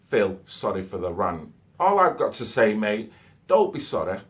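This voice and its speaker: A man's voice: lowish voice, very animated, normal speed. A man, talking in a loose, conversational monologue and adding "okay?" and "so to speak" as he goes. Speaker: vlogger. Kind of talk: casual monologue to camera.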